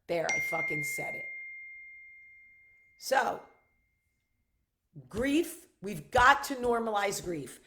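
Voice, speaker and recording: A woman's voice: mid-range voice, animated, takes it slowly, long pauses, pushed and bright. A middle-aged woman hosting her own vlog, talking candidly to viewers, blunt and emphatic with frequent swearing, earnest and reassuring. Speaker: vlog host.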